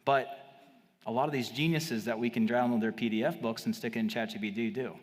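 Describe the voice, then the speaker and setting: Speaking on stage at a live event, a man delivers a salesy marketing talk, pitching fast and with confidence. He keeps a steady tone, and the room leaves a long reverb tail.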